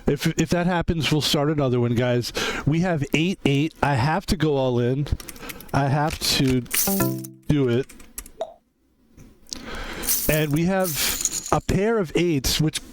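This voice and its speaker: Rambling, slightly high-voiced male streamer. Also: takes it slowly, pauses often, faint music behind, low-quality recording. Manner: rambling, self-mocking, heavy use of "like". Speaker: game streamer. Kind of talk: casual live-stream commentary.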